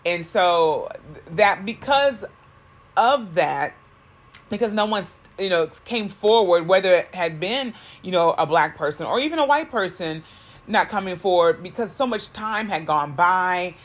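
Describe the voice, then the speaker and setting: A woman's voice: lowish voice, animated, unhurried. A woman co-hosting a podcast in a car, talking in a rambling way with many fillers and self-corrections. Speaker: podcast co-host. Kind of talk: casual podcast chat.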